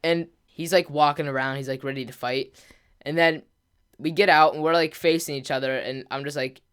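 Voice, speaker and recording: A man's voice: a little high, fairly even intonation, normal speed, fairly bright tone, clear, resonant tone. Young-sounding man rambling through a story. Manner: rambling, heavy on "like" fillers and restarts. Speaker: gaming vlogger. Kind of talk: casual storytelling to camera.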